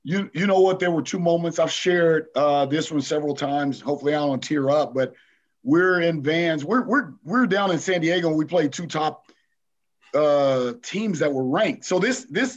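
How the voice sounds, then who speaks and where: A fairly high-voiced man coach tells an emotional story, often slipping into the voices of his players. The audio is muffled and lo-fi. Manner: animated retelling, acts out players' voices, frequent "man". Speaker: basketball coach, guest. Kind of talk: interview storytelling.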